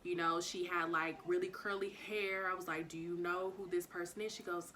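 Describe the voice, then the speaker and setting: Animated young woman, bright voice. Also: moderate pace, a little hiss or hum. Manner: animated retelling, acts out dialogue with pitch jumps; frank, swears freely. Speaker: vlogger telling a story. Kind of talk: casual storytime vlog.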